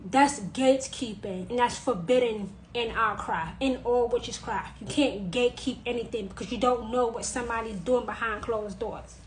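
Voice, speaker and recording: A woman with a high voice speaks insistently, driving each point home by saying it again and again. Her emphatic monologue comes over a faint hiss of background noise. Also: normal speed, hardly any pauses, rough recording. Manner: insistent, repeating phrases for emphasis. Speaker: witch sharing advice.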